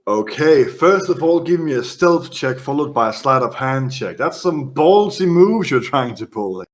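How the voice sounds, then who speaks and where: A man narrating a tabletop horror game as game master, in a lively, casual way. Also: mid-range voice, moderate pace.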